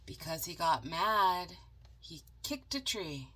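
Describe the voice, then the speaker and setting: A woman reading a picture book aloud as a channel host, dramatic and animated, stopping for chatty asides to viewers. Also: on the low side, slow. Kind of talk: storybook read-aloud with asides.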